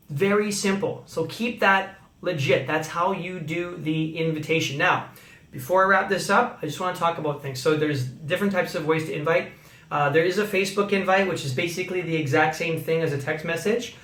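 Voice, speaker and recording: A man's voice: a little high, normal speed, fairly bright tone. A man teaching how to invite people by phone, coaching and acting out sample calls, recorded on a phone. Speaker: sales trainer. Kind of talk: instructional talk to camera. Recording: echoey room, phone mic.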